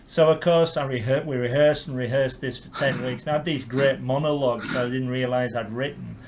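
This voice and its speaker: A man's voice: mid-range voice, steady tone, a little fast, a crowd in the background. Hesitant man from Carlisle hosting a chat. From Carlisle, England. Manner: hesitant, with many ums and short interjections. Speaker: podcast host and interviewer. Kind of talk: casual interview chat.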